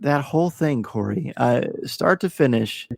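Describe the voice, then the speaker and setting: Excitable man hosting a podcast. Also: mid-range voice, unhurried, vocal fry, slightly rough, big-room sound. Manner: excitable, gushing storyteller. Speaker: podcast host. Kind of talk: casual podcast discussion.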